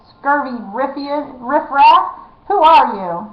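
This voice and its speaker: Woman playing a booming, hard-of-hearing old rat catcher. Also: animated, takes it slowly. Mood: booming, hearty. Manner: loud, booming, country dialect. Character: old deaf male rat catcher, hearty. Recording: echoey, dull lo-fi room.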